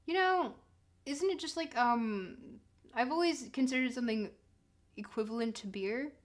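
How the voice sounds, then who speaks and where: Woman streaming a game, high voice, unhurried, chatty and jokey with chat. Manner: chatty and joking, answers chat directly. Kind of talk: casual live-stream commentary while playing.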